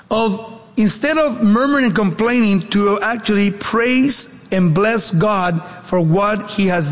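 Male preacher, high voice, emphatic sermon delivery, echoey hall. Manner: emphatic, rhetorical questions. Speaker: pastor.

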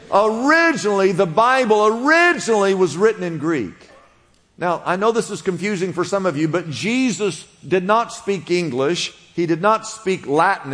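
A man's voice: a little high, long reverb tail. A man preaching a sermon, explaining a word in a conversational teaching manner and prompting the congregation to repeat after him. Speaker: pastor.

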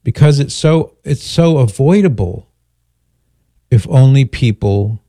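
A man's voice: mid-range voice, lively intonation, mellow, no room sound, clean studio sound. Earnest older man hosting talk radio. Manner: earnest, reflective, halting restarts. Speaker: radio show host.

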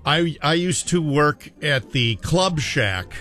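A man's voice: a little high, expressive, takes it slowly, fairly bright tone, faint music behind. A man hosting a sports talk radio show, telling stories in a casual, laughing way.

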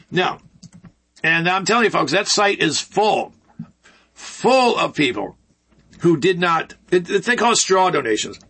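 A man's voice: high-pitched, expressive, unhurried, pauses often, bright, forceful tone, breathy edge. A man hosting casual political commentary, folksy and rambling with sarcastic asides.

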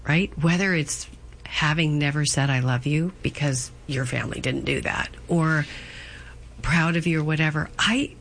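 A woman co-hosting a radio talk show, speaking with warm, emphatic encouragement to listeners. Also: sits low, moderate pace, a little hiss or hum.

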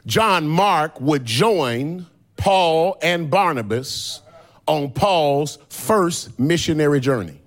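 A man preaching a sermon who swings from plain speech into a sung, shouted preaching cadence. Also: fairly high pitch, expressive, slow. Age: older.

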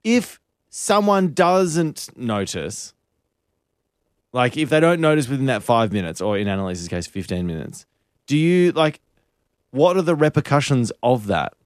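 A man co-hosting a drive-time radio show, teasing his colleagues in quick, mock-outraged banter. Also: medium pitch, very animated, dry recording, clean studio sound. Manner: teasing, mock-outraged, talks over others. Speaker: radio co-host. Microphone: studio microphone.

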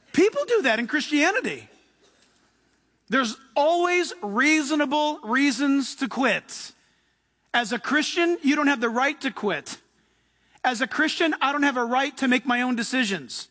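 A man preaching a sermon in an animated way, acting out the voices in his quotes. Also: extremely high pitch, normal speed. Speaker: pastor.

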